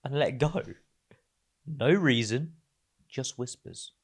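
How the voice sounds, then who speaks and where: A man's voice: medium pitch, slow pace, slightly rough. A man co-hosting a podcast, telling a story with dramatic delivery. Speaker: podcast co-host. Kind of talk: casual chat.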